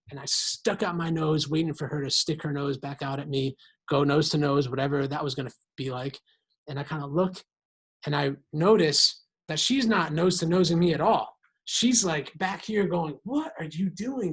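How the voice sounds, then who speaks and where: A young male youth pastor delivers a storytelling sermon with animated, self-deprecating humor. His voice sits slightly high and carries a husky edge. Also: low-quality recording.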